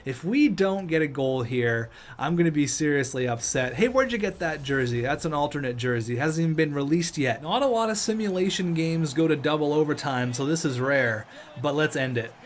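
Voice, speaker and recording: A young man commentating his own video game match, joking and shouting when play gets tense. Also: on the high side, fairly quick, slight background noise. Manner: excitable, jokey, shouts at big plays. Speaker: gaming YouTuber.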